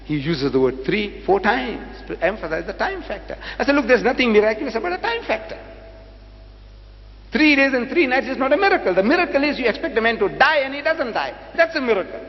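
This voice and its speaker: An older man from South Africa delivers a dramatic lecture, firing rhetorical questions and repeating phrases for emphasis. His voice is high and swoops widely. The recording is dull and lo-fi, with a long hall echo and a faint hum underneath. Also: very animated, fast talker, few pauses. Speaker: preacher. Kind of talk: public lecture to an audience.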